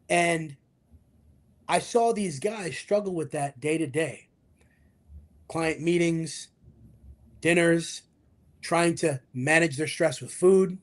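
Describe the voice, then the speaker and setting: A man, a fitness coach, talking in an interview with motivational energy and acting out the voices of the people he quotes. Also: high-pitched. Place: video call interview.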